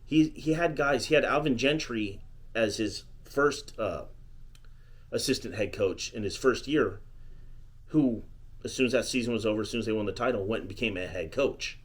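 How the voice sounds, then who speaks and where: A man's voice: mid-range voice, normal speed. A man co-hosting a podcast, talking casually and at length about basketball coaching. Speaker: podcast co-host. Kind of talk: casual sports chat.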